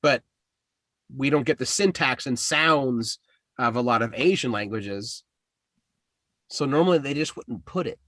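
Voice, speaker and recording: A man hosts a relaxed chat show, drifting through his points with restarts and the odd curse. His voice is mid-pitched and sits close and dry on the mic. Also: unhurried, pauses often, dry recording. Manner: loose, profane, rambling with restarts. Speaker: podcast host. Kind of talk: casual chat.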